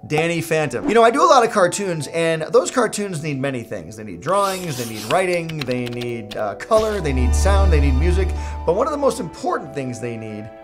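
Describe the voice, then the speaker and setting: Jokey cartoon guy telling a story, fairly high voice, bouncy delivery. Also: brisk, music in the background. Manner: playful, jokey and animated. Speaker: cartoon creator and host. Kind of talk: comic animated storytelling.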